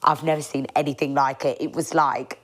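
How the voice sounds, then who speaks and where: A woman hosting a casual podcast, retelling a night out as a lively, animated story. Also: deep voice, fairly quick. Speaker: podcast host.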